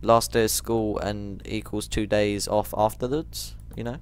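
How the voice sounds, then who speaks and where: A man giving rambling let's play commentary, jumpy and quick to shriek when startled. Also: on the low side, steady tone, clear, resonant tone, soft background music.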